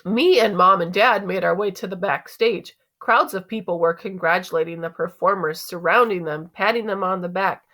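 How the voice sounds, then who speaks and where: A woman teacher reading a novel aloud to students in an expressive, conversational way. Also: on the low side, moderate pace, few pauses.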